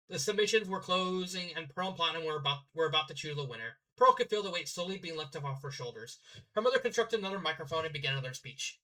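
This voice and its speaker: A man's voice: on the high side, expressive, fast talker, bright, forceful tone, low-quality recording. A young man casually reading fanfiction aloud, stumbling and correcting himself with chatty asides. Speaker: fanfiction reader.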